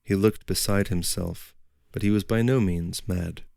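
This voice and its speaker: A man narrating a literary audiobook in a measured storytelling manner. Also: low voice, fairly even intonation, creaky, darkish tone, dry recording, studio quality.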